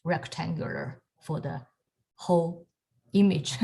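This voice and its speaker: A woman with a lowish voice teaches calligraphy over a video call at an unhurried pace. She talks in halting pieces and often stops to restart a thought. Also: vocal fry. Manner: halting, many fillers and restarts, soft laughs. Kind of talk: online lesson demonstrating strokes.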